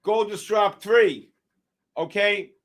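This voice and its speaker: A man hosting a live trading stream, giving excitable, exclamatory market commentary and calling out viewers by name. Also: high-pitched, slow.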